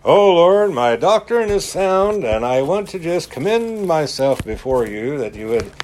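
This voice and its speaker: A man's voice: on the high side, very animated, measured pace, a little mellow, a little hiss or hum. A man preacher voicing a self-righteous man who prays stiffly and is proud of his sound doctrine. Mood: smug.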